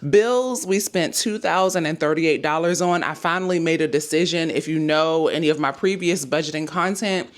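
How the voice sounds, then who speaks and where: A woman in her thirties, hoarse from losing her voice, chatting casually through her monthly budget numbers and talking straight to her viewers. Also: low-pitched, normal speed, few pauses. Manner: chatty, addresses viewers as "y'all", thinks aloud over numbers. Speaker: budgeting YouTuber.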